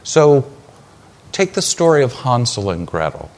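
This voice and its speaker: A man preaching a sermon, retelling scripture as a story with dramatic pauses. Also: medium pitch, big pitch swings, darkish tone.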